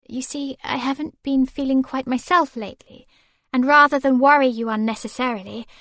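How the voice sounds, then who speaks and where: A woman voicing a gentle, flustered young wife in an eager, breathless manner for an audiobook. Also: high-pitched, steady tone, moderate pace, dry recording, voice pushed up.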